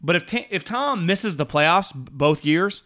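A man co-hosting a casual sports betting chat, his slightly high voice swinging widely up and down as he rambles. He swears freely and laughs often, talking loosely and excitedly. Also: measured pace. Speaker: sports betting podcast co-host.

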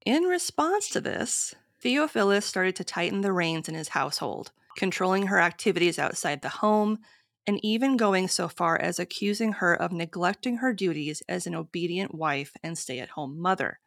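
A woman with a lowish voice and a gravelly, fry-laden edge, reading history aloud on a podcast. She keeps a steady, measured storytelling pace. The recording is close and dry, with no room sound. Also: no room sound. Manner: steady, measured storytelling with frequent short agreements. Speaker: podcast co-host. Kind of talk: reading researched history to co-hosts.

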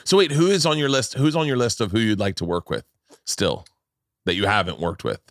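A man's voice: lowish voice, lively intonation, fairly quick, a bit bright, dry recording, clean studio sound. A man hosting a podcast, asking questions in a rambling casual way with many restarts. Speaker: podcast host. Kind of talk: casual interview chat.

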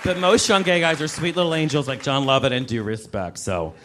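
A man's voice: mid-range voice, brisk, crowd noise, background noise. A man in his fifties telling a sassy, campy, impassioned story on a comedy club stage. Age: 50s. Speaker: comedian and writer. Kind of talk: stand-up storytelling rant.

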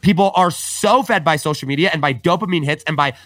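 This man talks fast in a fairly high, slightly bright voice as a guest on a podcast, keeping things casual. He animates his stories by performing the dialogue he quotes, peppering it with "right?" and "like." The recording is dry.

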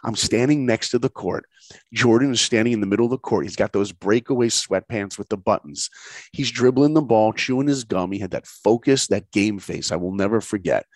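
A man in his forties from New York, a guest telling motivational stories in a punchy, animated way. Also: fairly low pitch, brisk, no room sound. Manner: animated, punchy, acts out dialogue. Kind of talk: motivational storytelling.

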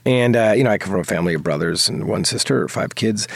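Man, middle-aged, from New Jersey, low voice, relaxed storytelling, lots of fillers, dry close sound. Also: quick pace, gravelly, no echo. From New Jersey, USA. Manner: relaxed, many fillers and restarts. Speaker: filmmaker guest. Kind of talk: casual interview storytelling.

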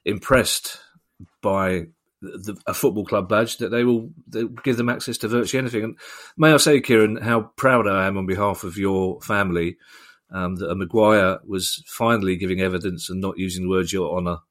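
A middle-aged man with a lowish voice co-hosting a casual podcast chat. He asks questions and slips in teasing jokes. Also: fairly even intonation, normal speed, a bit bright. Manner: jokey, teasing. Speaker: podcast co-host.

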